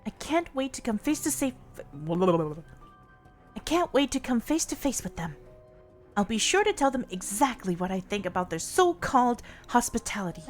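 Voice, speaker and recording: A woman's voice: fairly high pitch, sing-song, moderate pace, soft background music. A woman doing a feisty, indignant young prisoner. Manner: bold, indignant.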